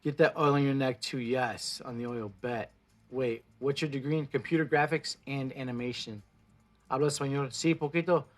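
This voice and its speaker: A man's voice: mid-range voice, steady tone, normal speed, soft background music. Blunt, swearing man on a livestream. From Mexico. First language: Spanish. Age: 40s. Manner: blunt, swears freely, pep-talk tone. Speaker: plant-based food vlogger. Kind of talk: casual livestream chat. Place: indoors, live stream.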